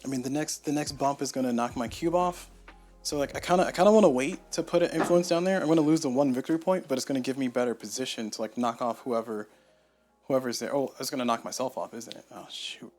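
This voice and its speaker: A man's voice: medium pitch, fast, a little mellow, soft background music. A man streaming a solo board game playthrough, thinking aloud and muttering to himself on a lapel mic. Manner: thinking aloud, muttering, self-deprecating asides. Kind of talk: casual solo playthrough commentary. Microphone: lapel mic on shirt.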